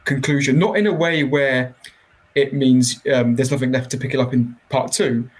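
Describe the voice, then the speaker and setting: Male podcast guest, mid-pitched, relaxed and rambling, casual delivery. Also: moderate pace, rough recording. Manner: relaxed, rambling, laughs easily. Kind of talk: casual film review chat.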